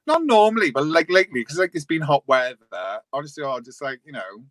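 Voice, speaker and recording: A man's voice: on the high side, very animated, fairly quick, a bit bright, dry recording. A man in his forties, a guest in a casual chat, joking crudely and swearing constantly as he mocks himself. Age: 40s. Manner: crude, swears constantly, self-mocking humor.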